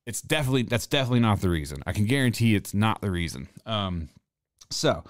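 Profane, rambling man with a smooth voice. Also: mid-range voice, fairly quick, no echo, clean studio sound. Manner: profane, rambling, animated storyteller. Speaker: podcast host. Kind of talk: casual storytelling chat.

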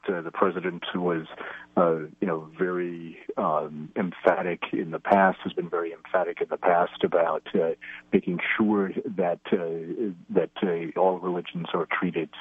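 A man's voice: sits low, slightly rough, no room sound. A man giving analysis as an interview guest, talking hesitantly with lots of fillers and restarts. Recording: tinny phone line.

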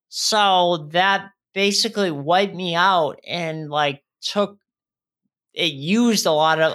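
A man in his thirties, a guest speaker telling his own story in a podcast interview, earnest and halting with frequent restarts. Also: a little high, sharp tone.

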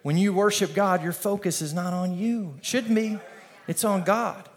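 Pastor, man, slightly high voice, energetic conversational sermon, call-and-response. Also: moderate pace.

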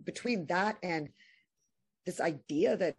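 Woman guest, impassioned and halting, husky low-ish voice, interview chat. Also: expressive. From New York. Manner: emotional, halting, many restarts. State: tearful at times.

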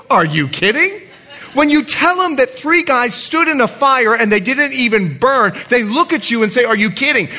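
A male pastor preaching a sermon, telling stories with animated swings from shouting to quiet. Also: extremely high pitch.

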